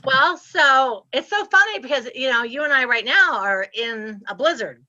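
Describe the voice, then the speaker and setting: Bright-voiced woman in her sixties. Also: sits high, moderate pace. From Ohio, US Midwest. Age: 60s. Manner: animated, laughs often, acts out her past self. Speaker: guest. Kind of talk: casual storytelling interview. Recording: slightly muffled lo-fi audio.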